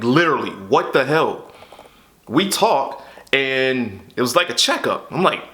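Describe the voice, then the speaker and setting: Exasperated young man with a bright voice. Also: medium pitch. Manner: frustrated, exasperated storytelling with repeated "what the hell". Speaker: YouTube creator. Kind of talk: candid personal monologue to camera.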